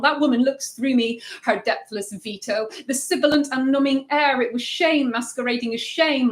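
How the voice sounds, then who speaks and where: A poet, a woman, reading her own work aloud at a live launch, dropping low and quiet then lifting loud.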